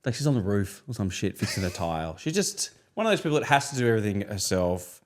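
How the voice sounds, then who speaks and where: A man in his thirties, a podcast co-host from Australia, telling a long story in casual chat and jumping into high voices when he quotes people. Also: very animated, fast.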